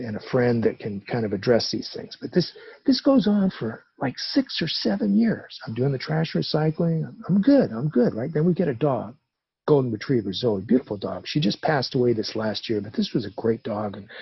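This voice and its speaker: Gravelly husky man telling a story. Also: mid-range voice, no echo, highs cut off. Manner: animated storytelling, acting out dialogue. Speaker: guest speaker at a recovery meeting. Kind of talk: personal story, conversational.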